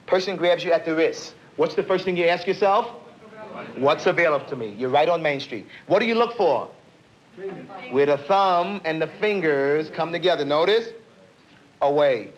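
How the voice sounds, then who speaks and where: Energetic man teaching a self-defense class. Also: on the high side, normal speed, long pauses. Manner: energetic, coaxing, asks the class questions. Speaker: self-defense instructor, police officer. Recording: dull lo-fi 1970s film sound.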